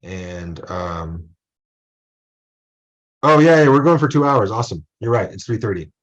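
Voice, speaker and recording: A man's voice: on the low side, animated, a little slow, lo-fi sound. A male college professor giving a casual online lecture, rambling into asides and acting out quotes.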